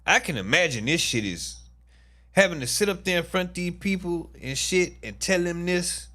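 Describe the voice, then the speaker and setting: Man, vlog commentary host, tired, blunt and profane, animated swings in pitch. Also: moderate pace. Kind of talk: reading and reacting to trial testimony.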